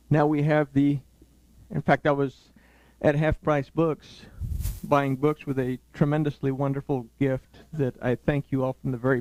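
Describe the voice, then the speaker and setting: A man's voice: on the high side, a little mellow, no room sound, low-quality recording. A man teaching a Sabbath sermon in an earnest, emphatic way, explaining words and scripture with shifting pace.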